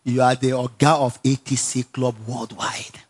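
A man with a Nigerian accent preaching a sermon in an animated storytelling way, laughing often, repeating phrases and calling for responses from the congregation. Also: mid-range voice, normal speed, slightly rough.

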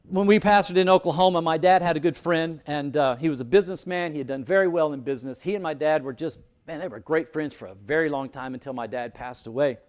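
A man's voice: a little high, fast, hardly any pauses. A middle-aged man preaching a sermon as pastor, telling stories and joking with the congregation. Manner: anecdotal, animated, jokes with the congregation.

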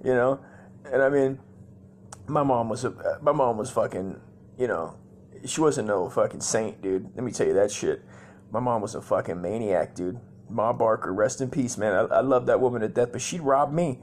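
This forties-aged comedy podcast host from Las Vegas, USA, speaks at normal speed in a mid-range, slightly mellow voice. His storytelling is crude and rambling, heavy on swearing, with dude and man closing his lines.

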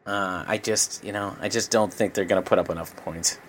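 A man co-hosting a podcast, giving blunt, animated opinions in casual sports talk. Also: low-pitched, fairly quick, slight background noise. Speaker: podcast co-host.

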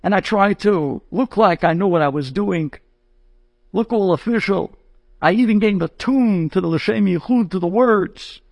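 High-voiced man telling a funny story. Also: normal speed, dry recording. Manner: animated, acts out the voices of the people in his story. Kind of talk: humorous anecdote told to an audience.

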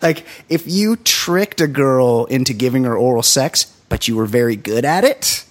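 A man co-hosting a comedy podcast, riffing in casual chat with deadpan jokes. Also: medium pitch, moderate pace. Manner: joking, deadpan asides with laughs. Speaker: podcast co-host.

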